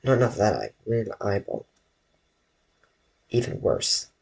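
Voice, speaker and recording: A man's voice: on the low side, sing-song, creaky, darkish tone, slightly rough. A man drawing on a live stream from his bedroom, rambling to his viewers and often correcting himself. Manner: slow, rambling, self-correcting, talks to chat. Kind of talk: casual live-stream chat while drawing.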